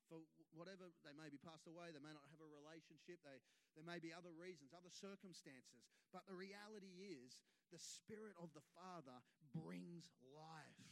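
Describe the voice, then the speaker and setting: A middle-aged man, a pastor preaching a sermon to his congregation, earnest and building to emphatic bursts. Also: sits high. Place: church hall.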